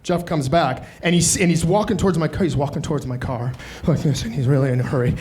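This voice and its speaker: A man's voice: a little high, fast talker. A man doing stand-up comedy, telling a long story and acting out the people in it. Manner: animated, acts out characters.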